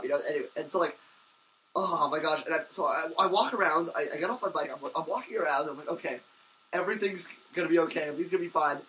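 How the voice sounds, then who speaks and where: A young man co-hosting a podcast, telling a story in casual chat with excitable rambling and many restarts. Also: fairly high pitch, recorded from a distance, a little hiss or hum, rough recording. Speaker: podcast co-host.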